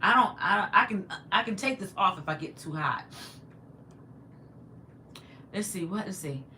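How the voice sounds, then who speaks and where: Her mid-range voice moves fairly quickly as this woman hosts a relaxed livestream from home, chatting and reading viewers' comments out loud. She's chatty and animated, addressing both viewers and her pet, and there's a little hiss or hum in the recording.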